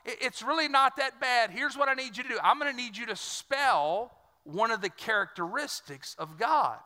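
Brief: calm heavenly gatekeeper, man voicing, matter-of-fact, high and bright. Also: normal speed, big-room sound, exaggerated voice. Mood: patient.

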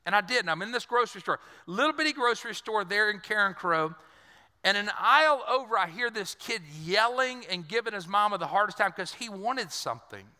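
A middle-aged man from south Louisiana preaching a sermon, with a folksy, conversational delivery and quick asides, heard in a church hall. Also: high voice, animated, pushed and bright. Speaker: pastor. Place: church sanctuary. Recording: long reverb of a large church hall.

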